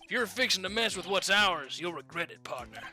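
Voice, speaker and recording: A streamer doing a bright drawling cowboy detective. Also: mid-range voice, expressive, brisk, soft background music. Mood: swaggering. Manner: folksy Wild West drawl. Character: swaggering cowboy-styled male detective, drawling. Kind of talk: video game voice reading.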